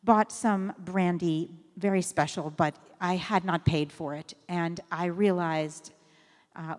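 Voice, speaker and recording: An honest male traveler, grateful and earnest in his explanation, as a woman rabbi tells it. Her lowish voice has a long reverb in a big sanctuary. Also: darkish tone.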